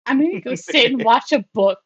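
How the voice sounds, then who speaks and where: A woman's voice: a little high, a little fast. Dry-humored woman tabletop player. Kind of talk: casual tabletop game chat. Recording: dull lo-fi audio.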